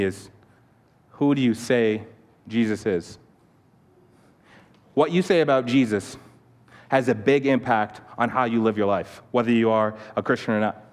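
A man preaching a sermon, telling a personal story with animated restarts and asides, then praying in a quieter tone. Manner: animated storytelling, many restarts, repeats "okay?"; turns soft and low in prayer. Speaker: youth pastor. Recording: long hall reverb.

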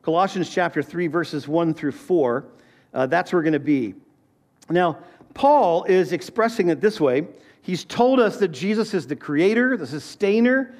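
A man in his fifties delivers a sermon with a notably high voice. He keeps it conversational, telling family stories and asking his listeners questions as he goes. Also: animated, measured pace, darkish tone. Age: 50s. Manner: conversational preaching with personal stories and questions to the congregation. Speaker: pastor.

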